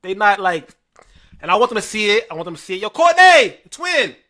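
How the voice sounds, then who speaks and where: Young New man, podcast co-host, high and bright, animated trash-talker. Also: quick pace. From New York. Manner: animated, rambling, heavy slang and filler, trash-talking. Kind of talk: casual sports chat.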